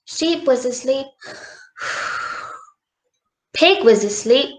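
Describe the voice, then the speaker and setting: Slow, sing-song woman reading a picture book. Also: high-pitched. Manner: slow, sing-song, animated read-aloud. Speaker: storybook reader. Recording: roomy echo.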